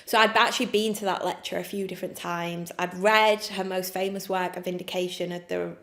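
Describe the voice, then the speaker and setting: A woman's voice: fairly low pitch, fairly even intonation, a little fast, a bit bright. A woman playwright with an English accent, answering interview questions frankly and chattily, with many fillers. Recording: echoey room.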